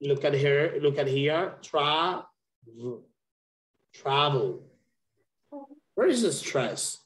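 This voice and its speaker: A man's voice: a little high, lively intonation, unhurried. A man teaching an English lesson over a video call, speaking patiently and repeating key words. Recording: roomy echo.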